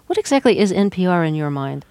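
A woman hosting a radio interview in a studio, asking questions in a calm, measured way. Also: lowish voice, clean tone, no echo.

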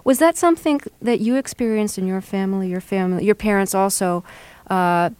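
A woman interviewing an author, asking measured, carefully phrased questions. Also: medium pitch, a little mellow, clear, resonant tone, dry recording.

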